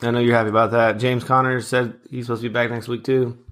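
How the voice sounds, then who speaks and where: Man, thirties, podcast co-host, casual joking banter, rattles off stats, middle pitch. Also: flat delivery, fast talker, fairly bright tone. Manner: chatty, joking, reads out stats. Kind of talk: casual sports chat.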